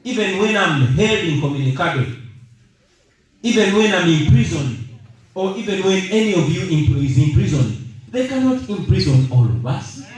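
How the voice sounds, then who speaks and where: Man, Ugandan accent, 30s, political speech, emphatic, slightly high voice, heavy room echo. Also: expressive, darkish tone. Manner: emphatic, deliberate, repeating key phrases. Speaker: political speaker. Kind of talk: rallying speech to an audience. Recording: echoey room, voice heard from a distance.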